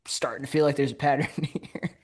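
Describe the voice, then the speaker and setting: Male podcast guest, grew up in Alabama, mid-range voice, spins an anecdote with lively laughs. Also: mid-range voice, brisk, slightly rough. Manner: lively anecdote telling, laughs while talking. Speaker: podcast guest, game designer. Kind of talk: casual conversational storytelling.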